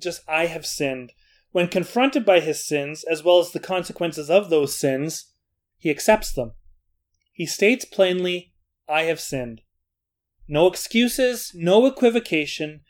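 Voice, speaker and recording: A man teaching a Bible lesson in an earnest, scripted way, with self-deprecating asides. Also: sits high. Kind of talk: scripted Bible study narration.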